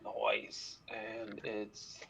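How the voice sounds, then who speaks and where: A man playing a tabletop game speaks slowly, with lots of rise and fall in his voice. He jokes and dramatizes his character's troubles in casual table chat. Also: lowish voice, very animated, vocal fry, sharp tone, a little hiss or hum. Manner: joking, dramatic. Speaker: player.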